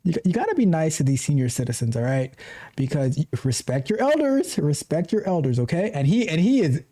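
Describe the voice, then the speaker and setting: Speaking a little fast in a slightly high, sing-song voice with a dark tone, a middle-aged livestream host and tech coach rants passionately about tech. He keeps cutting himself off and restarting.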